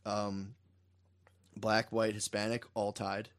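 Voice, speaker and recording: A man's voice: lowish voice, level tone, slow pace. A young man co-hosting a podcast, telling a story in casual, profane chat and laughing often. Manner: profane, laughing, acts out quoted people. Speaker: podcast co-host.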